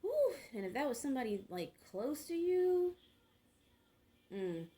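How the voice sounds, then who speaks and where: A woman's voice: high-pitched, big pitch swings, measured pace, mellow, poor audio. A woman reading tarot cards, musing and murmuring card words to herself in a slangy, chatty way. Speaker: tarot reader.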